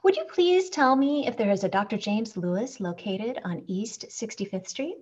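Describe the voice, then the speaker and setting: Woman putting on a flustered fussy old lady, high and jumpy, muffled sound. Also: lively intonation, normal speed, darkish tone, husky. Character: fussy anxious older lady, crocodile owner.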